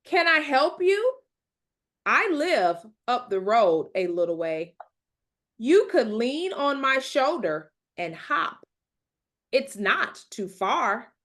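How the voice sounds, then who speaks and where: A woman reading aloud the lines of a pleasant, polite young man in a storybook, lifting her voice high and lively. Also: drawn-out words, exaggerated voice. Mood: friendly. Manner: pleasant, polite, eager to help. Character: friendly helpful young man met at night.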